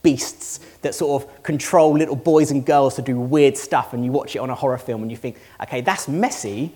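A man's voice: mid-range voice, fairly even intonation, brisk, warm tone. A male pastor giving a sermon to a congregation, earnest and conversational, asking the room rhetorical questions. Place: church hall before a congregation.

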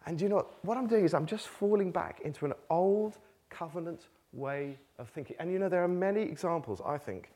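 A man's voice: sits high, brisk, mellow. A man preaching a chatty sermon to a congregation, joking at his own expense and laughing between his points. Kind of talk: conversational sermon. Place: church meeting with a live congregation.

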